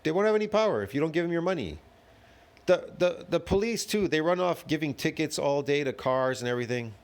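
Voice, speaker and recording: A man's voice: on the high side, expressive, fairly quick. A man reacting to a video with a long, emphatic rant full of repeated phrases and rhetorical questions. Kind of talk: ranting commentary.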